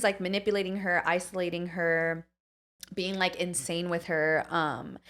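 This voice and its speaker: A woman's voice: lowish voice, fairly bright tone. A woman co-hosting a podcast, telling a long gossip story in casual chat, full of "like" fillers. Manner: rambling storytelling, lots of "like" fillers. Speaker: podcast co-host.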